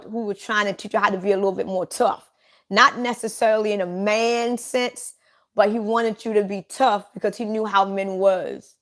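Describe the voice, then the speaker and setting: Blunt, repetitive woman giving a psychic reading. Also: medium pitch. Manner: blunt and repetitive, with casual swearing. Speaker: psychic reader. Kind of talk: live psychic reading addressed to one listener.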